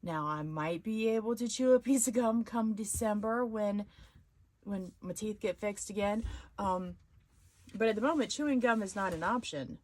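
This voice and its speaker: A woman hosting her own live stream talks in a loose, rambling way. Her voice sits at an ordinary middle pitch. She chats to viewers as if they were in the room, thinking out loud between topics. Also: moderate pace. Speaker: live-stream host of a sewing channel. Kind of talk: casual live-stream chat.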